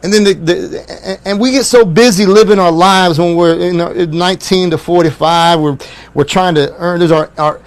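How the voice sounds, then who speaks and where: A man's voice: sits high, steady tone, normal speed. A middle-aged musician talking casually and wistfully, rambling and repeating words as he reminisces. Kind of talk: casual chat.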